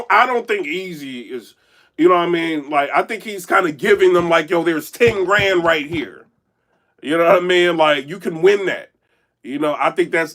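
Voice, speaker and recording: Animated high-voiced man commentating. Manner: animated, rambling, keeps asking "you know what I'm saying". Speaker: battle rap commentator and blogger. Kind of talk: casual live-stream commentary to chat. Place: indoor room.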